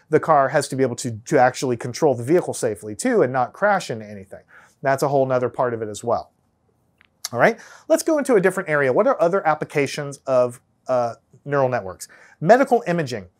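A man with a Texan American accent teaching a lesson in a casual, conversational way, often checking in with "right?" and restarting his phrases. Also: fairly high pitch. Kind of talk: casual whiteboard lecture.

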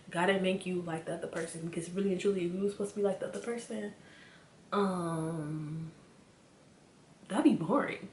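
Animated woman ranting to camera, echoey room. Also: medium pitch. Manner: animated, repeats herself, talks straight to viewers. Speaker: spiritual vlogger. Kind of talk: casual motivational rant to camera. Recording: echoey room with faint background hum.

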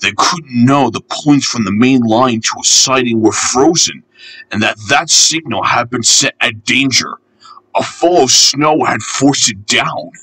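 A man reads a children's storybook aloud, lively and playful, lifting his pitch for each engine he voices. His voice is bright and edged, with a husky grain. The recording is dry and close. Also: dry recording, poor audio. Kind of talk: storybook narration with character voices.

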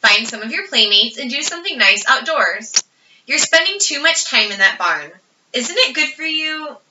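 A woman's voice: high-pitched, sing-song, normal speed, background noise, voice pushed up. A woman voicing a stern, worried farm mother scolding her daughter. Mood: coaxing. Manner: sternly scolding, then soft and vague. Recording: roomy, distant, dull audio.

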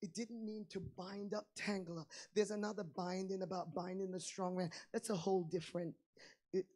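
A woman preaching a sermon with fervor, going from quiet asides to shouted climaxes. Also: medium pitch, fairly even intonation, moderate pace.

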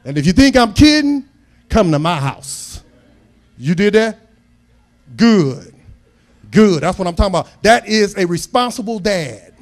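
A man's voice: high voice, big pitch swings, measured pace, long pauses. A middle-aged man preaching a sermon, telling homey family stories with humor and building to emphatic, raised points. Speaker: pastor.

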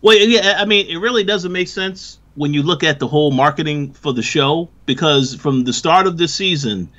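A man's voice: on the high side, normal speed, fairly bright tone, muffled recording. A man co-hosting a podcast in casual review chat, analytical and critical as he builds his points step by step. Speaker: podcast co-host.

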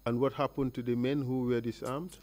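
A man's voice: mid-range voice, level tone, brisk, darkish tone. Man pressing a witness with questions. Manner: probing, pressing with leading questions. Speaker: lead counsel questioning a witness. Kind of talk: formal cross-examination. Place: hearing room.

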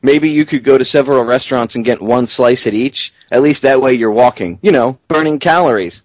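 A man's voice: mid-range voice, brisk, dry recording, pitched above the performer's own voice, close to an everyday voice. A man voicing a middle-aged pizzeria owner who refuses service in a courteous, apologetic but immovable way. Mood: polite refusal.

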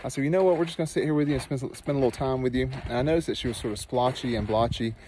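A man who works as a nurse and teaches meditation, telling a personal story outdoors in an earnest, animated way that turns soft and slow when he guides a meditation. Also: mid-range voice, a little hiss or hum, rough recording. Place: outdoors in a dry canyon.

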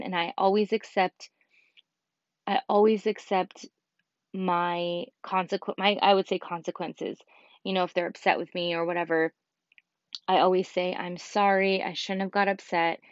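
A woman's voice: mid-range voice, no echo. Chatty, candid woman podcaster, dry sound. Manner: candid, chatty, many fillers. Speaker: podcast host. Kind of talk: casual solo podcast talk. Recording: dull lo-fi podcast mic.

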